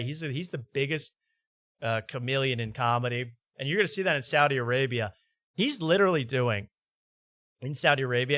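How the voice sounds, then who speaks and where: A man's voice: fairly high pitch, bright, forceful tone, dry recording, clean studio sound. A man hosting a talk show, ranting sarcastically over clips and repeating himself.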